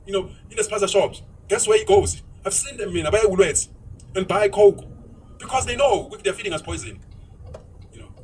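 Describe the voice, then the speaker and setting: A South African man talking casually and forcefully with strong opinions, now and then dropping into Zulu phrases, recorded from a distance. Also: high-pitched. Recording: distant mic with faint noise.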